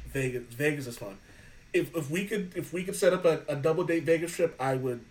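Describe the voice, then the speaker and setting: A man's voice: fairly high pitch, moderate pace, darkish tone, far from the mic, slight background noise, poor audio. A man hosting a podcast, telling stories in casual chat, swearing freely and laughing often. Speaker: podcast host.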